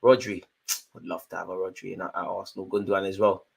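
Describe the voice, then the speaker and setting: A young man hosting a live football watchalong, giving chatty, jokey running commentary full of slang, jumping between excited outbursts and low muttered asides. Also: fast, creaky, husky. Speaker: fan watchalong host.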